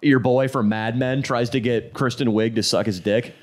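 A man's voice: mid-range voice, steady tone, normal speed, a little mellow. A man co-hosting a podcast, joking and swearing in casual chat. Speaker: podcast co-host.

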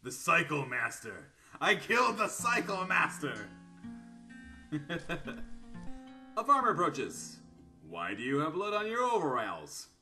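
A man doing let's-play commentary, reading answers aloud in animated voices and laughing often. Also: fairly high pitch, slow, pauses often, faint music behind. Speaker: gaming YouTuber.

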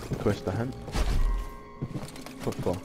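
A man commentating his own video game play in a casual, excitable way, swearing freely and shouting out during fights. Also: on the low side, takes it slowly, loud music behind the voice. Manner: swearing, excitable outbursts and shouts while playing. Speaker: gamer playing a video game.

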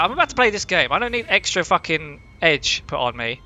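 Brief: male let's-play host, casual, profane, slightly high, bright and animated. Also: a little fast. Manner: excitable, heavily profane, jumpy. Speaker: gaming channel host. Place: at home.

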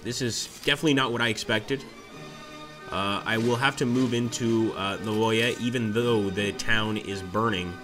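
A man with a somewhat low voice narrates his strategy game live, relaxed and conversational, reading out viewer messages as he plays. Bursts of excitement break through when the battle turns his way. Faint music plays softly underneath. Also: normal speed. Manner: chatty, reacts excitedly to the game and reads chat aloud. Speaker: streamer playing a strategy game. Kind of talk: live gameplay commentary.

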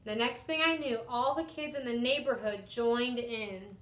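A young adult woman, a teacher, reading a picture book aloud to children in an expressive first-person style. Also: a little high, measured pace. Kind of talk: storybook read-aloud for children. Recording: roomy echo.

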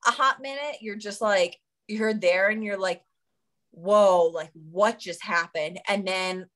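A woman's voice: medium pitch, a bit bright. Bubbly young American woman, giggly. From United States. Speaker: Olympic marathon runner, guest. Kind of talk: casual interview chat.

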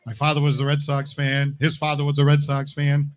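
A man hosting a live variety show, upbeat and jokey, giving shout-outs to viewers. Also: on the high side, monotone, brisk. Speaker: show host.

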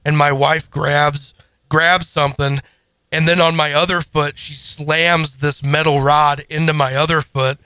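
Male podcast host in his thirties, bright voice pitched slightly high, animated storyteller; close, dry mic. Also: measured pace, clean tone, no room sound. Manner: animated, self-deprecating, acts out his own panic. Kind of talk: casual storytelling.

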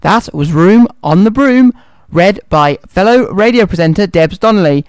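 A man's voice: high voice, animated, normal speed, clear, resonant tone, no room sound, faint music behind. A man hosting a children's radio show, chatting between items. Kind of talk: radio presenting.

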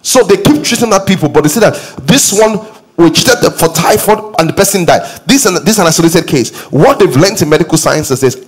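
A middle-aged man preaches from a church pulpit in a slightly husky, fairly high voice. His pitch swings widely as he repeats key lines and presses the congregation with questions. Emphatic, rising preaching. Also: sing-song, fairly quick, low-quality recording. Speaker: pastor. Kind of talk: sermon. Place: church auditorium.

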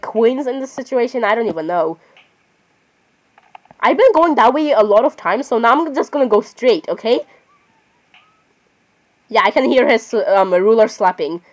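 A woman's voice: a little high, darkish tone, low-quality recording. A woman chatting casually while playing a game, often apologizing and saying "literally". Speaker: gamer. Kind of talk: casual gameplay commentary.

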